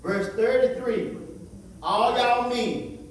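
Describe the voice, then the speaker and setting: A man with a Southern US accent preaching a call-and-response sermon as pastor, exhorting in rhythmic, drawn-out phrases. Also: very high-pitched, a little hiss or hum. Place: church sanctuary. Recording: echoey church hall from far off with congregation.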